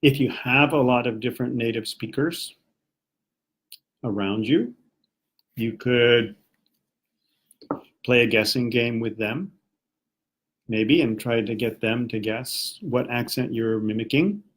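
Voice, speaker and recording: A man's voice: mid-range voice, slow, long pauses, a bit bright, husky. A man from the United States teaching English on a casual live stream, encouraging viewers and reading their comments as he goes. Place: home, Japan.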